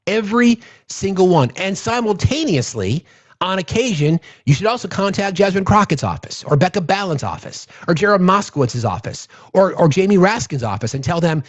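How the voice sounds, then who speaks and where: Male streamer, husky voice, fiery profane pep talk, dull lo-fi audio. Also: high-pitched, big pitch swings, a little fast. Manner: urgent, profane, rallying, repeats phrases for emphasis. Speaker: political livestream host. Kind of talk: impassioned live-stream monologue.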